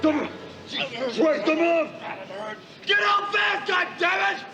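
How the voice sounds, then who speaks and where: An actor playing a furious cop who screams with hoarse, roaring yells after his knifed partner, heard as a film clip. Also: very high voice, big pitch swings, slow, echoey room, dull audio, heavily acted. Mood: enraged. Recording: film audio with loud music and crowd.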